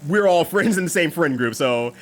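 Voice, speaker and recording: A man's voice: fairly high pitch, expressive, moderate pace, slight background noise. A young man streaming a racing game, chatting casually with viewers, swearing freely and laughing often.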